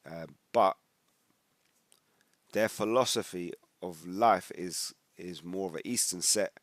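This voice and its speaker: A man's voice: low voice, slow pace, dry recording. A British man in casual commentary, reading out online comments and then preaching on scripture in a rambling, conversational way with sudden emphatic bursts. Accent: British English. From United Kingdom. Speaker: religious commentator. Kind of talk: casual commentary reading social media posts.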